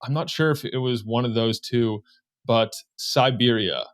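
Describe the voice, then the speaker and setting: A man at a middling pitch hosts an interview. He asks his guest follow-up questions in a relaxed, conversational way. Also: a little slow. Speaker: interview host.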